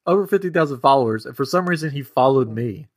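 A man co-hosting a casual podcast, chatty and storytelling. His voice sits at an ordinary middle pitch. He chuckles at himself as he goes. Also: expressive, quick pace. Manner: chatty, storytelling, self-amused. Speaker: podcast co-host. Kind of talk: casual chat.

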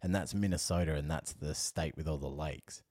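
A man's voice: extremely low pitch, normal speed, darkish tone, no echo. A man with an Australian accent co-hosting a casual podcast, chatty and self-mocking and often laughing. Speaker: podcast co-host. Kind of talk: casual chat.

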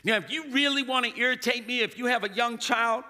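A man preaching a sermon as pastor, calling to the congregation and rising to shouts. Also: extremely high pitch, brisk. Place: large church hall. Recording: long hall reverb.

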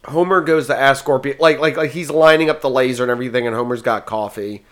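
A man's voice: mid-range voice, fast talker, a bit bright. A man co-hosting a casual podcast chat, rambling and upbeat with frequent restarts. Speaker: podcast co-host.

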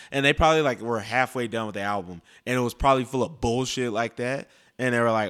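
A man's voice: medium pitch, quick pace, hardly any pauses, fairly bright tone, clean tone. A young man giving a casual, blunt and profane rant about music, rambling with restarts. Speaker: music commentator.

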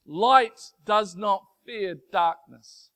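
An earnest male pastor with a high voice, preaching a sermon with emphatic conviction. He reads scripture slowly and deliberately and builds into fervent declarations. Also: bright, forceful tone.

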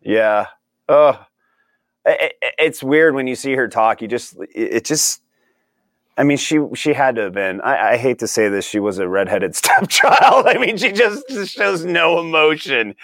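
A man's voice: mid-range voice, moderate pace, fairly bright tone, dry recording, studio quality. A man as a podcast guest, talking in a rambling, exasperated way and laughing often. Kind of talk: casual political chat.

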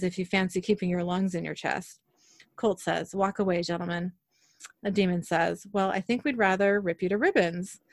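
A woman talks through a TV episode scene by scene, reading the characters' lines without much change of voice. Her pitch sits in the middle, and the recording is dry and close with little room sound. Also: no echo. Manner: narrates scenes briskly, quoting characters in near-own voice. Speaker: podcast host recapping an episode. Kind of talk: casual recap, reading scene lines aloud.

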